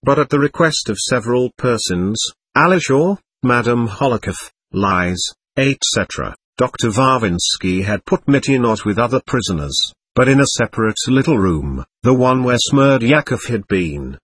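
A man narrating a classic novel as an audiobook, with measured, expressive reading. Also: mid-range voice, breathy edge, dry recording.

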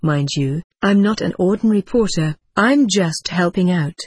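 A man reading the lines of a surly male hospital porter who speaks gruffly. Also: high voice, normal speed, no echo, studio quality. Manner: glowering, gruff.

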